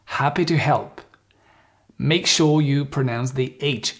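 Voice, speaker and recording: A man's voice: medium pitch, extremely slow, pauses often, fairly bright tone. A man giving an English lesson as the teacher, playfully acting out phrases with exaggerated intonation. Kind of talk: video lesson.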